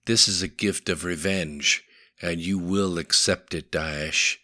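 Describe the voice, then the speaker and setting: A man's voice: sits low, steady tone, slow, pushed and bright, no room sound, studio quality, full character voice. A man voicing a cold, commanding Russian operative who gives clipped, staccato orders.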